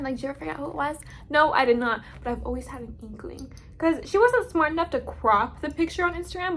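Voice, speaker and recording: A young woman with a notably high voice tells a storytime for her vlog. She is dramatic, animated and swears constantly as she tells it. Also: slight background noise. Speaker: vlogger.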